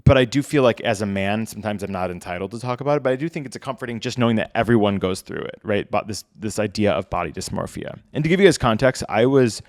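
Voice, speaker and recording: A man's voice: fairly low pitch, lively intonation, quick pace, hardly any pauses, dry recording, studio quality. A young adult man hosting a casual solo podcast, chatty and conversational, with frequent fillers. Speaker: podcast host.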